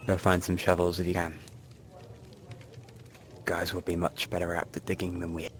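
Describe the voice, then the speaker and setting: A man's voice: low voice, completely flat delivery, moderate pace, natural voice. A man voicing a large male centaur who speaks in terse, subdued sentences. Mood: subdued grief. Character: large male centaur, grieving but steady.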